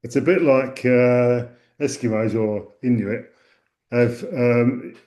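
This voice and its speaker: Mellow-voiced man telling dry anecdotes. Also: mid-range voice, steady tone, slow pace. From Essex or London, England. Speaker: podcast co-host. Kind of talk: casual chat and anecdote.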